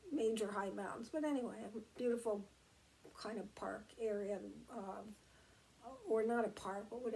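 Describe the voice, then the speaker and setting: A woman giving a reflective motivational talk, gentle and meandering, with many fillers and restarts. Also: medium pitch, low-quality recording.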